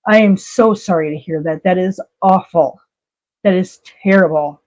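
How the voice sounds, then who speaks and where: A woman's voice: lowish voice, moderate pace, a little mellow, low-quality recording. A woman hosting a live stream, chatting casually and reading out viewer comments, blunt, emotional and repeating herself for emphasis.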